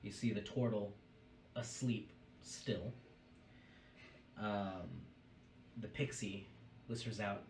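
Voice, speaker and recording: Slow, low-voiced game master man. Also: steady tone, a little mellow. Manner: descriptive, measured. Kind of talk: narrating a tabletop game. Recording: roomy distant mic, faint noise.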